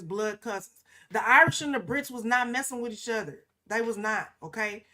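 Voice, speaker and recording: A woman's voice: a little high, brisk, sharp tone. Emphatic woman co-host, colloquial. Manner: emphatic, punctuates points with "okay?"; colloquial, quotes others in mocking asides. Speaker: podcast co-host. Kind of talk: casual conversational commentary.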